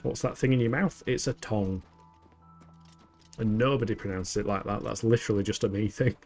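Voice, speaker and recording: A man's voice: lowish voice, brisk, a little mellow, soft background music. A young man with a playful, giggly manner, chatting casually while livestreaming a game from his home setup. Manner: playful, giggly, rambling banter. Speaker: streamer.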